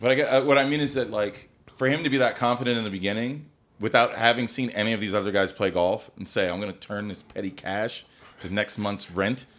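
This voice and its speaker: A man in casual chat on a podcast, telling stories in a profane, animated way. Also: on the low side, brisk. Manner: profane, animated storytelling with laughter.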